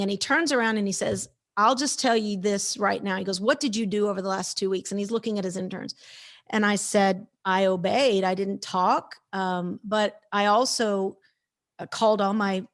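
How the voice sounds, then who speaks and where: A woman in her fifties tells her story as a guest in an interview. She talks with emphasis and energy, and she plays out what others said. Her voice sits at an ordinary pitch for a woman. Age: 50s. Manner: energetic, emphatic storyteller who acts out quoted lines. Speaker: guest speaker.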